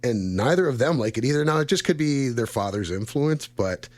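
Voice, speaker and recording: A man's voice: medium pitch, animated, a little fast, dry recording. A man in his thirties co-hosting a radio show, chatting casually in a rambling, friendly way and laughing often. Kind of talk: casual chat.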